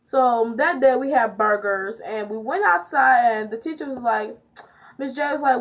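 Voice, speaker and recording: A woman's voice: fairly high pitch, expressive, normal speed. A teenage girl telling a storytime vlog, chatty and full of fillers as she retells it. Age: teens. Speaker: vlogger. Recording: dull lo-fi audio.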